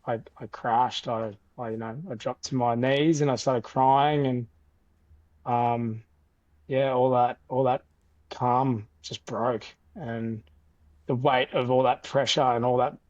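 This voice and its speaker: Australian man, young adult, dry sound, mid pitch, casual storyteller. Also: no room sound. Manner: animated retelling, loose with fillers and restarts. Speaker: podcast guest.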